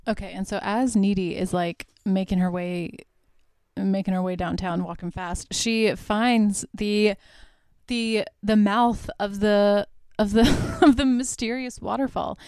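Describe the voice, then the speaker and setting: A woman's voice: mid-range voice, fairly even intonation, unhurried, darkish tone, clean tone, no room sound. A woman hosting a podcast, casually recapping a horror film with lots of "like" and frequent laughs. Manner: chatty, lots of "like", laughs often. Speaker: podcast host.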